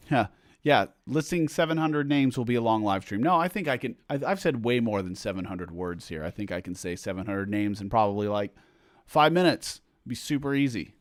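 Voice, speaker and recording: A man with a fairly low voice and lively intonation speaks at a moderate pace while hosting a casual livestream for supporters from a room in his home. He reads out viewer comments and rambles chattily with fillers and self-interrupting restarts, captured in clean studio sound with no echo.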